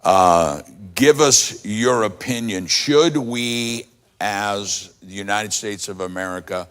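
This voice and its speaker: A low-voiced man hosts as a pastor and speaks at an unhurried, slow pace. He often breaks in with short affirmations while his guest talks. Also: clear, resonant tone. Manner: frequent affirming interjections. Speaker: pastor and host. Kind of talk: talk show interview.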